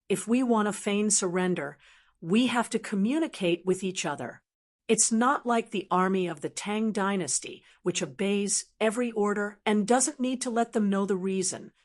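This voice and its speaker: A woman's voice: medium pitch, lightly acted. A woman voicing a frustrated male tribal leader who speaks in a muffled, sullen way, in audiobook narration.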